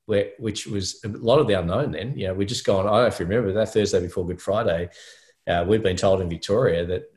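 A man's voice: lowish voice, fast talker, a little mellow. A middle-aged Australian man, a podcast co-host, telling a rambling personal story in casual chat with many fillers.

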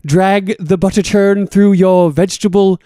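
A pompous older escapee speaks in prim, overly refined phrases with icy courtesy, as a man voices him. The tone is high and mellow, recorded close and dry. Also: steady tone, measured pace, no room sound. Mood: prissy, cold. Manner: fussy, over-refined phrasing.

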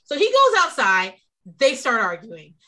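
Speaking in a high voice at a slightly slow pace, this woman co-hosts a laid-back reality-show recap. Her gossip is profane and lively, and she performs the quoted lines as she tells it.

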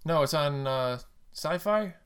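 A man's voice: on the high side, lively intonation, unhurried, fairly bright tone, clean tone. A man co-hosting a casual podcast, rambling about TV and games with dry jokes and trailing restarts. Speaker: podcast co-host.

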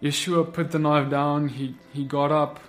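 A man's voice: a little high, flat delivery, unhurried, faint music behind. A man preaching a sermon, recounting a vision and building into impassioned, repetitive exhortation.

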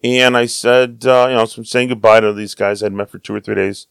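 An American man casually telling a story about his travels, lively, acting out the people he quotes. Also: lowish voice, a little fast, gravelly, clear, resonant tone, no room sound. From United States. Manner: animated, acts out quoted voices.

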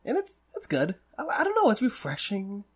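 A man's voice: high-pitched, huge pitch swings, normal speed, a bit bright, slightly rough. A man hosting a podcast in casual chat, tipsy, rambling and joking loosely. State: drunk. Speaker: podcast host.

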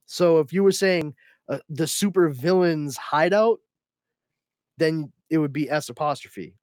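A man's voice: fairly high pitch, measured pace, darkish tone, dry recording. A man co-hosting a podcast in casual chat, joking, laughing often and swearing freely into a close mic. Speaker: podcast co-host.

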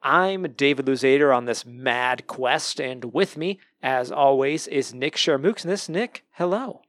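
A man's voice: medium pitch, unhurried, no echo, faint music behind. A man hosting a podcast in casual chat, upbeat and jokey, laughing easily. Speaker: podcast host.

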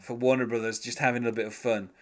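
A man's voice: medium pitch, level tone, fast. A man chatting casually as a podcast host, rambling with many fillers and frequent chuckles. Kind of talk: casual music discussion.

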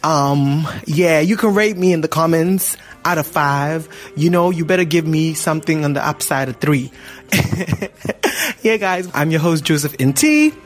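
A man's voice: a little high, expressive, unhurried. A young man hosting a vlog, opening the episode in a playful, teasing way. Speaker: host. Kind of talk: energetic vlog introduction.

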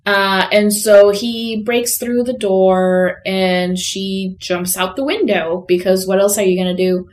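A woman's voice: mid-range voice, steady tone, a little slow. A woman co-hosting a podcast, casually retelling a film plot in a rambling way, full of fillers. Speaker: podcast co-host. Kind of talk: casual chat recapping a film.

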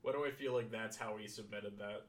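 A man's voice: lowish voice, steady tone, a little fast, crowd noise. A man co-hosting a casual podcast chat, making dry, sarcastic quips.

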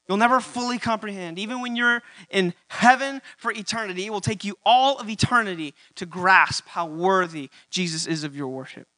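A man preaching in church, his voice high and bright, repeating key lines and climbing to loud, emphatic peaks. A faint mains hum sits under the recording. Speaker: pastor. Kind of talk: sermon.

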